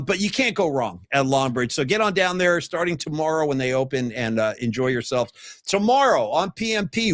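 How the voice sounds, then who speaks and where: A man hosting a podcast, chatting casually with animated, self-deprecating banter. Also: a little high, dry recording, clean studio sound. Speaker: podcast host. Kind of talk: casual chat.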